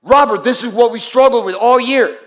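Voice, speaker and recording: Speaking briskly in a very high voice, a man fires up his audience with a raw, profanity-filled, intense motivational speech, naming individuals as he goes. The sound is reverberant.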